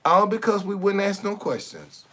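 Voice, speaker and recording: High-voiced man, ranting bluntly and repetitively on a livestream. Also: very animated, moderate pace, bright, forceful tone. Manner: preachy, repetitive, blunt with cursing. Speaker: livestream host. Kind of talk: casual livestream monologue.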